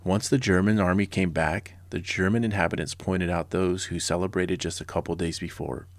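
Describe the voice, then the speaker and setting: A man's voice: deep voice, steady tone, normal speed, no echo. A man in his forties from Southern California, narrating history with blunt sarcasm and casual personal asides. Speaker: podcast host.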